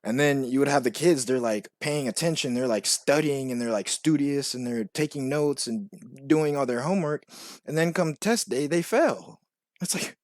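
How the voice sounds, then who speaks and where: A young man telling a rambling personal story, full of "like" and "you know", now and then acting out quoted voices much higher. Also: normal speed, a little mellow, no echo, clean studio sound. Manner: rambling, filler-heavy with frequent "like" and "you know". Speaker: vlogger. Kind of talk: casual storytelling monologue.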